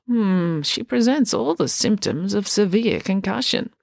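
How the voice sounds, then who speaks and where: A doctor in his eighties with a quavery voice talks down to everyone in slow, deliberate, patronizing tones, as a woman storyteller puts him on. The pitch rises and falls a lot. The sound is dry and close. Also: animated, vocal fry, a little mellow, dry recording. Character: very old male doctor, patronizing and pedantic.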